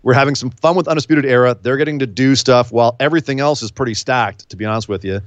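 Guy cohosting a podcast, chatty and animated, kinda dull lo-fi mic, dry. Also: mid-range voice, no room sound. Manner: animated, incredulous outbursts, quick asides. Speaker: podcast co-host. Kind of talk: casual wrestling chat.

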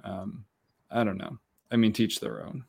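A man's voice: on the low side, steady tone, unhurried, creaky, darkish tone, breathy edge. A man co-hosting a podcast, talking in blunt casual chat and swearing now and then. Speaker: podcast co-host.

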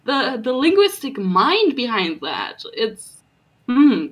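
Excitable young woman podcast co-host. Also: takes it slowly, soft background music. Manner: excitable, gushing, swings high when amazed. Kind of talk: casual chat.

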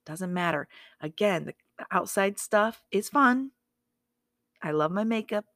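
A woman's voice: mid-range voice, animated, a little slow, a bit bright, dry recording, clean studio sound. A woman hosting a motivational podcast, chatty and upbeat, often correcting herself and making asides to herself. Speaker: podcast host.

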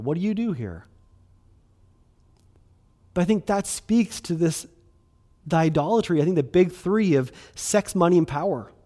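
Mellow and chatty, a middle-aged preacher speaks to his congregation as if they were old friends, his pitch a touch high for a man. Fillers, side remarks, sudden quick bursts and restarted sentences run all through his talk.

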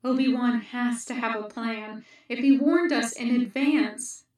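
A woman voicing an angry young male clone soldier who shouts harshly and demands answers. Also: a little high, fairly even intonation, a little slow, natural voice. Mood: strained.

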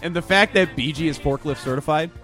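A man's voice: on the high side, fast, over music. A man co-hosting a podcast, chatting casually, swearing and laughing often. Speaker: podcast co-host. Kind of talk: casual chat.

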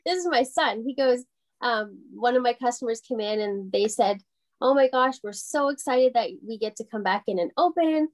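A woman, a small business owner chatting in an interview, full of fillers and quick laughs. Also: fairly high pitch. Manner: chatty, heavy on fillers like "you know", laughs often. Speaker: boutique owner guest. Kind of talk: casual interview chat.

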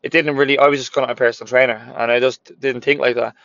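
A man who owns a gym and once worked as a personal trainer tells his story in a blunt, motivational way, cursing freely and hammering points home through repetition. His pitch sits in a middling range for a man. The sound is somewhat dull and lo-fi, and very dry with no room around it. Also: little pitch movement, quick pace, creaky, fairly bright tone, no room sound. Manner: candid, swears freely, repeats phrases for emphasis.

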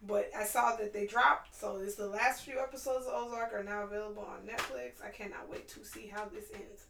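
A woman co-hosting a podcast, chatting casually and telling stories in an animated way. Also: mid-range voice, brisk, creaky, roomy sound, far from the mic, background noise. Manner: animated storyteller, laughs often. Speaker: podcast co-host. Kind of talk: casual chat.

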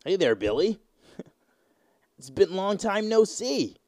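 A man's voice: sits high, big pitch swings, unhurried, darkish tone, dry recording, studio quality, pitched above the performer's own voice. A man voicing a stiff, overly cheery guy greeting friends. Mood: chipper.

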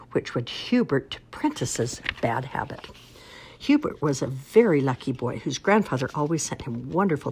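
Woman storyteller, low voice, gravelly edge, expressive sing-song children's read-aloud. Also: slight background noise.

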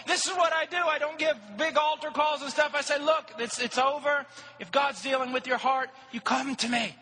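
A man preaching a sermon, telling a story with rising passion and shouting at its peaks. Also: very high-pitched, fairly even intonation, moderate pace. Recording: hall reverb.

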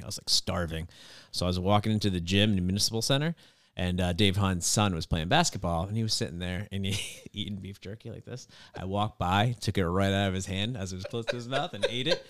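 A man's voice: deep voice, fast talker, no room sound, studio quality. A man co-hosting a podcast, telling a joking story with frequent laughs. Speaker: podcast co-host. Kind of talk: casual podcast chat.

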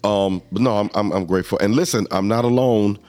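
A man hosting a casual talk show, teasing his guests and laughing often, with drawn-out emphatic phrases. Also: fairly low pitch, darkish tone. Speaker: podcast host. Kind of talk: casual chat.

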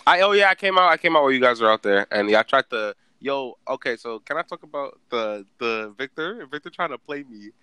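A young man chatting casually, telling animated stories in slang. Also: medium pitch, fairly quick, few pauses, clear, resonant tone. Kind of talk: casual chat.

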